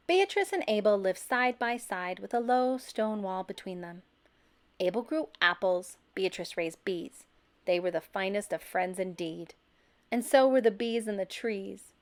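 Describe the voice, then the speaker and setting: Woman storybook reader, unhurried, very animated delivery. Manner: expressive, bursts into loud high character calls. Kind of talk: children's picture book read-aloud.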